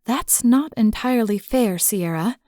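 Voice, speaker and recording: A woman voicing a composed young woman in an audiobook, speaking in measured, defensive tones. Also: on the high side, expressive, warm tone, no echo, studio quality.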